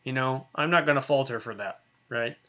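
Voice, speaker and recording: A man's voice: medium pitch, moderate pace, bright, forceful tone, lo-fi sound. A man teaching a Bible lesson in a conversational way, often asking "right?" and using fillers. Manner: conversational, many tag questions and fillers. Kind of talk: recorded online lesson.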